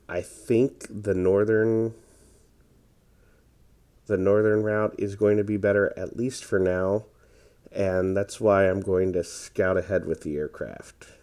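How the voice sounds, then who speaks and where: Tired guy rambling through his gameplay, low slow mellow voice, lots of ums and likes. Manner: rambling, hesitant, many fillers. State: tired, yawning. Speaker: gaming commentator. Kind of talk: casual gameplay commentary.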